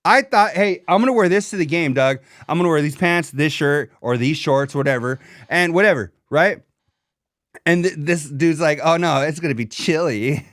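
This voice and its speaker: Man, young adult, podcast co-host, lively mocking banter, slightly high voice, dry close mic. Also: moderate pace, no echo. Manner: animated, swearing, mocking impressions of others. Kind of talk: casual comedic chat.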